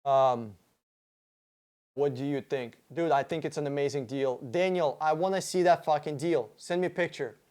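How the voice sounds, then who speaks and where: Speaking at a moderate pace in a slightly high voice, a livestream host works through viewer questions one by one. His answers ramble, bursting with excitement and profanity.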